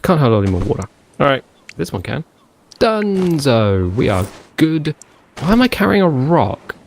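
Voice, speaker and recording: A man's voice: fairly high pitch, big pitch swings, normal speed, slight background noise. A man casually commenting on his own gameplay, chatty and rambling, talking to himself as he goes. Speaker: gaming channel host. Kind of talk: casual let's play commentary.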